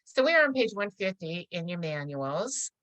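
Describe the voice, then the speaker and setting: A woman's voice: fairly low pitch, big pitch swings, moderate pace, fairly bright tone, low-quality recording. A middle-aged woman teaching a real estate course in a casual, chatty way, often laughing as she tells stories. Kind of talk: casual classroom lecture.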